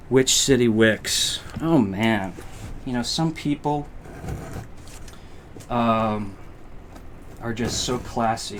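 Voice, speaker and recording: A man hosting a live-stream unboxing, talking in a rambling, halting way with many fillers and growing emotional. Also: mid-range voice, slight background noise. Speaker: candle channel host.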